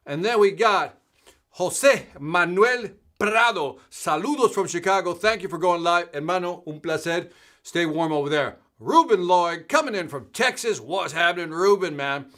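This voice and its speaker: Male host, middle-aged, bright energetic delivery, calls out live-chat viewers by name, casual tone. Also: on the high side. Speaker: host of a live sales show.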